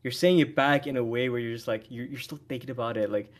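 A man's voice: medium pitch, steady tone, fast talker. Young man, podcast co-host, blunt, joking, swears, casual chat.

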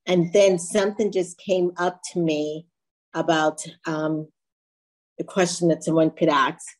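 A woman's voice: low voice, steady tone, a little slow, rough recording. A woman hosting a talk show, speaking reflectively and sometimes searching for words. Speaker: host. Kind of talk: casual podcast talk.

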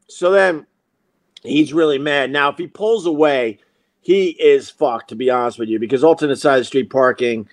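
A man's voice: mid-range voice, no room sound. A man telling a comic story in a profane, self-mocking monologue as host.

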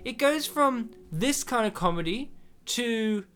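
A man's voice: high voice, animated, slow, a bit bright, smooth. A man co-hosting a podcast, chatting casually about a movie and acting out characters in joking asides. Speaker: podcast co-host. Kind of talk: casual movie commentary chat.

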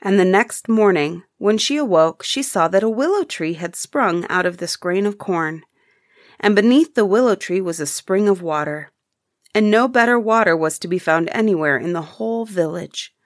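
A woman reading an old folk tale aloud in an even, measured storytelling manner. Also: medium pitch, no echo, studio quality.

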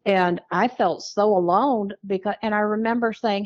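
A woman's voice: medium pitch, normal speed, darkish tone, dry recording, muffled recording. Woman telling a candid story, dry sound. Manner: candid, wry storytelling with quoted dialogue. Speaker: podcast guest. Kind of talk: telling her life story.

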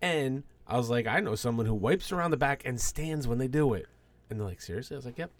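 A man's voice: mid-range voice, lively intonation, quick pace, no room sound. A man co-hosting a podcast, telling rambling stories and acting out what others said. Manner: rambling storyteller, acts out quoted dialogue. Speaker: podcast co-host. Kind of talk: casual storytelling.

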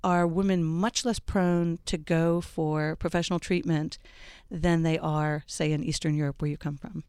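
Middle-aged woman, radio host, chatty with fillers, smooth lowish voice, dry studio. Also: flat delivery, normal speed, no echo. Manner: warm, chatty introductions with many fillers. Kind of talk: radio talk show.

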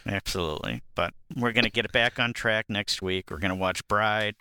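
A man co-hosting a casual movie podcast, agreeable and quick to affirm, with stumbling starts. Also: lowish voice, sharp tone, smooth, no echo. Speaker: podcast co-host, movie reviewer. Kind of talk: casual chat.

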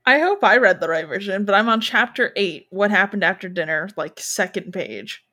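A woman's voice: mid-range voice, animated, normal speed, pushed and bright. A young woman hosts a casual book podcast. She talks bluntly with a wry edge and reads passages aloud. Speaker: podcast host.

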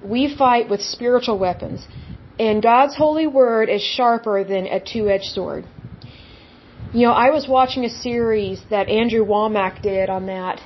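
A woman's voice: fairly high pitch, measured pace, lo-fi sound, a little hiss or hum. A woman hosting a devotional podcast, teaching in an earnest, emphatic way, with many rhetorical questions and repeated words. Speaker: podcast host.

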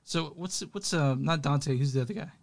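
Male podcast co-host, fairly high voice, loose rambling chat with laughs. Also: moderate pace, gravelly. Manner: rambling, laughs often, many fillers. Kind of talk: casual chat about music.

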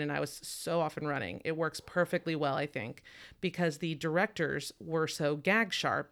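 A woman's voice: sits low, a bit bright. A woman hosting a casual podcast chat, talking enthusiastically and laughing as she retells stories. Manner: enthusiastic, laughs and quotes others. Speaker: podcast host.

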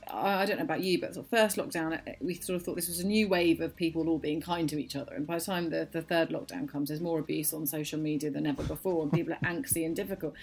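A woman's voice: low-pitched, fairly even intonation, quick pace, hardly any pauses, a little mellow. A woman reviewing TV in a casual chat, digressing with frequent fillers and restarts.

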